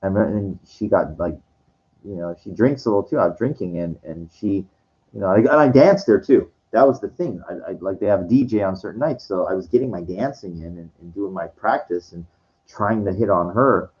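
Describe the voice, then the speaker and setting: A man telling a personal story in a casual monologue, halting and rambling, with many restarts, fillers and casual swearing. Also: deep voice, a little mellow, muffled recording. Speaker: vlogger.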